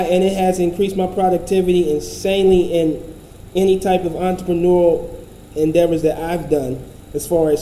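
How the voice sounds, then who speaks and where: A man's voice: high-pitched, mellow, reverberant, a little hiss or hum, poor audio. A man giving casual commentary, profane, blunt and rambling.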